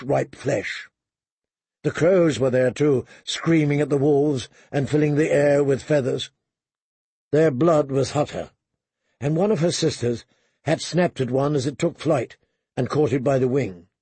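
Man, story narrator, gravelly, husky, measured reading. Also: a little high, warm tone, no echo. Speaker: audiobook narrator. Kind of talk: scripted narration.

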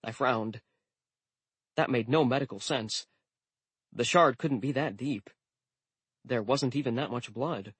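A man narrating a novel in the first person with a steady, wry, measured delivery. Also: mid-range voice, slightly rough, no echo. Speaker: audiobook narrator.

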